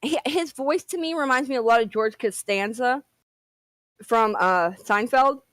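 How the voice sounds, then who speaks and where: A woman's voice: a little high, measured pace, fairly bright tone, dry recording. A woman with an East Tennessee accent, chatting on a livestream as a guest, rambling and giggling with many restarts. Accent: East Tennessee Southern. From near Washington DC, raised in Tennessee. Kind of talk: casual livestream chat.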